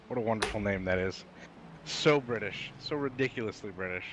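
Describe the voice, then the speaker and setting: A man's voice: lowish voice, brisk, background noise. A man joking with his sim racing teammates, with wry, teasing humor. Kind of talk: casual joking chat in voice chat.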